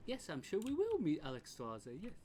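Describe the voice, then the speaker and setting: A man's voice: high-pitched, wildly swooping pitch, brisk, warm tone, a little hiss or hum. A man casually commenting on a video game as he plays, chatty and rambling. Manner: chatty, rambling, laughs often. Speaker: game streamer. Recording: stream mic with game music.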